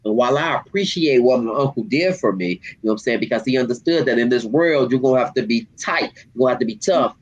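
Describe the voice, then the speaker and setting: A man, a community activist, speaking with deep emotion and street slang in an interview, near tears. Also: lively intonation, fast talker, few pauses, dull audio. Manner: heartfelt, storytelling, street slang. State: holding back tears.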